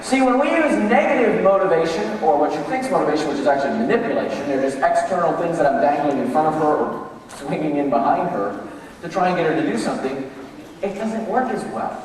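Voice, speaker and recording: A man giving a lively motivational leadership talk to a live audience, acting out the voices of people in his examples. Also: fairly high pitch, fast talker. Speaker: motivational speaker. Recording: echoey hall, mic from a distance.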